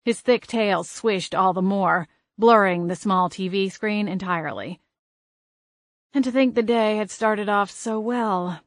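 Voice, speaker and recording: Expressive woman narrating an audiobook, dry. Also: medium pitch, no echo. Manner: expressive, brisk character reading.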